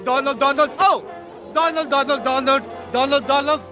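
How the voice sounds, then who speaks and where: An actor playing a loud heckling cricket fan who chants and jeers. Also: male voice, extremely high pitch, steady tone, moderate pace, music in the background. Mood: jeering. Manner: chanting, jeering.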